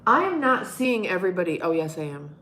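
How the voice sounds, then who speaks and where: A woman's voice: fairly low pitch, sing-song, a little fast, slight background noise. A woman hosting a casual live stream, chatting with her viewers in a playful, teasing way. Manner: playful, teasing, breaks into loud monkey noises.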